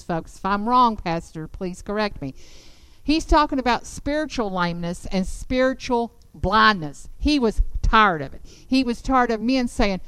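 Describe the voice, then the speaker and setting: A woman teaching the Bible to a group in an animated, emphatic storytelling manner. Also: medium pitch, clear, resonant tone, no room sound, low-quality recording.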